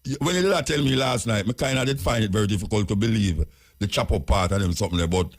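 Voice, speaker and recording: A man's voice: fairly low pitch, fast. A man with a Jamaican accent hosting a call-in radio show. He speaks in patois, bluntly steering the caller and cutting him short. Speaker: radio talk-show host.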